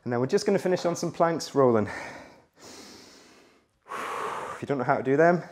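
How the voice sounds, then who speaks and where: A man's voice: mid-range voice, expressive, moderate pace. A young man leading a beginner workout as fitness coach, counting reps and urging listeners on while out of breath. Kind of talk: guided workout instruction.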